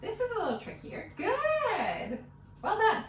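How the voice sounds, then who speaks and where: A woman's voice: extremely high pitch, huge pitch swings, a little slow, fairly bright tone, slight background noise. A woman teaching a fiddle lesson, patiently encouraging and counting beats aloud, with fiddle playing behind her. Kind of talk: one-on-one music lesson. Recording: echoey room, mic at a distance.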